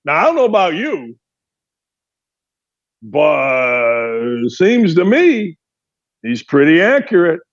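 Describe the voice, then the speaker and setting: A man's voice: on the high side, sing-song, slow pace, pauses often, highs cut off. A man from Indiana hosting a sports talk show, delivering an emphatic opinion monologue full of rhetorical questions.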